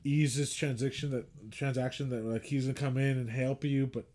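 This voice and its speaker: A man's voice: mid-range voice, steady tone, normal speed, a little mellow. A man co-hosting a movie podcast, retelling scenes in a rambling, filler-heavy casual chat. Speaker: podcast co-host.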